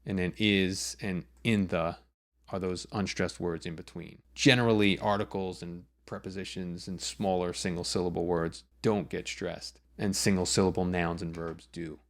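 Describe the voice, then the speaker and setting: Songwriting teacher, male, low register, calm step-by-step explainer. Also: moderate pace. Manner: patient, methodical, walks through examples step by step. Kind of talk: explanatory lesson.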